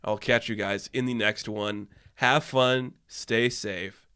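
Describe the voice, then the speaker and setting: A man's voice: fairly low pitch, steady tone, slow pace, sharp tone, smooth, no room sound, clean studio sound. Profane, exasperated young man ranting. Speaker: podcast host. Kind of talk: casual ranting commentary.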